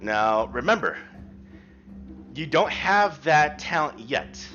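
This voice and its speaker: A man's voice: a little high, sing-song, takes it slowly, pushed and bright. Rambling man running a tabletop game. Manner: rambling, reassuring, with fillers. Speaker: game master. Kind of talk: casual rules explanation and narration. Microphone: online voice call. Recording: muffled voice chat with faint music.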